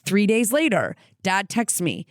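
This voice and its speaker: A woman reads a listener's wild email aloud on a casual podcast, in a mid-pitched voice. She swears freely and keeps breaking off to comment and laugh. The recording is dry and close. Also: big pitch swings, a little slow, no echo. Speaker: podcast co-host.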